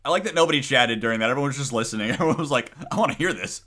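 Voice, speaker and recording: A male streamer chatting casually and telling a joke, animated and laughing often. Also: medium pitch, very fast.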